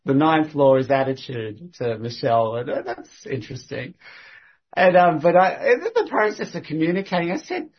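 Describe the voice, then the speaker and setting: A husky-voiced man tells a personal story in a casual, animated way. His pitch swings up and down a lot, and he laughs and restarts his sentences often. The recording sounds dull and lo-fi. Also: normal speed.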